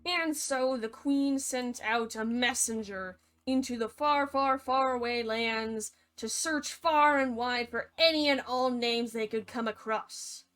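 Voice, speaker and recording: A woman's voice: on the high side, slow pace, few pauses, a bit bright. A young woman telling a fairy tale in a casual, playful, slangy and rambling way. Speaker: narrator. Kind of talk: casual storytelling narration.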